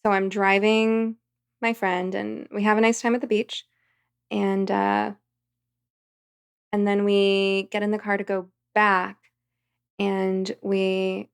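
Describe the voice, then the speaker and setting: A woman's voice: mid-range voice, flat delivery, takes it slowly, vocal fry, pauses often, clean tone. A woman, a podcast guest, telling a vivid story in casual conversation. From United States.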